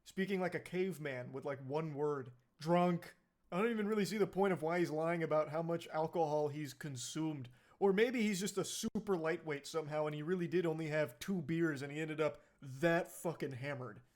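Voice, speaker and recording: A man's voice: fairly high pitch, brisk, hardly any pauses. A man narrating commentary over footage in a blunt, mocking way, swearing freely. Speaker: video narrator.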